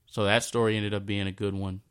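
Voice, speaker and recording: A man in his thirties recounts a memory in an unscripted monologue. His voice sits low and sounds smooth and clear. He often restarts and repeats phrases, and sometimes drops to a soft murmur. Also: little pitch movement. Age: 30s. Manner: halting, repeats himself, drifts into a soft low voice. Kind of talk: personal storytelling monologue.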